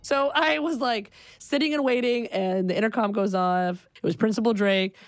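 A woman telling a personal story in an animated way, acting out the people in it. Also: a little high, moderate pace, dry recording, clean studio sound. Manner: animated, breaks into loud acted quotes.

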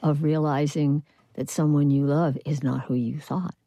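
A woman hosting a broadcast interview, lively and playful as she asks her questions. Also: low voice, moderate pace, dry recording. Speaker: radio interviewer.

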